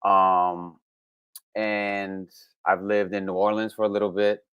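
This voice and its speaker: A young musician from Brooklyn talks. His voice sits on the low side and sounds smooth and resonant. The recording is dry and close. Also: takes it slowly, no echo, muffled recording. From Brooklyn, New York. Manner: relaxed, with frequent fillers and restarts. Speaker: musician guest. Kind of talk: casual interview.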